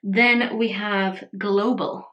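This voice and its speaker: A woman's voice: mid-range voice, fairly even intonation, drawn-out words, a bit bright. A woman, chatting playfully through a makeup tutorial and poking fun at herself. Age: 30s. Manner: chatty, playful and self-mocking. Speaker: makeup vlogger. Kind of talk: casual makeup tutorial chat.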